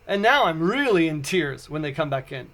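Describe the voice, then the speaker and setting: Podcast host, male, forties, high-pitched voice, casual storyteller who stumbles and restarts often. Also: sing-song, normal speed, a bit bright. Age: 40s.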